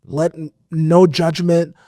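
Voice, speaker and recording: A man guest on a podcast, telling a personal story in a casual, animated way with lots of fillers. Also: on the high side, slow, no room sound, clean studio sound. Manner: animated, expressive, full of fillers. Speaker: podcast guest, metal vocalist.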